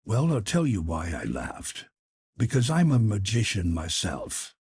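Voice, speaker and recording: A man's voice: on the low side, wildly swooping pitch, unhurried, a little mellow, slightly rough, dry recording, heavily acted. A man voicing a brash, scoffing grown man who blusters and mocks, in an audiobook reading. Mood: boastful. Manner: blustering, mocking.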